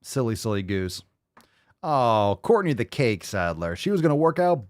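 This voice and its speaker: A man's voice: mid-range voice, very animated, normal speed. A man hosting a podcast who reacts to clips in a mocking, profane, sarcastic way. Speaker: podcast host. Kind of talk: casual podcast reaction commentary.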